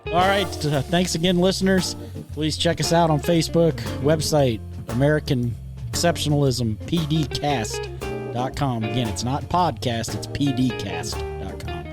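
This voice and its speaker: A man's voice: on the high side, normal speed, music in the background. A man hosting a podcast in a casual, jokey way, laughing along with his guest. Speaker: podcast host. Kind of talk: casual chat.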